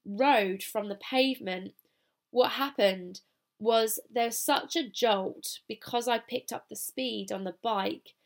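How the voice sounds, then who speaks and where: A woman's voice: a little high, a bit bright. A British woman hosting a solo podcast, telling a personal story in a chatty, casual, self-deprecating way with informal wording. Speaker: podcast host.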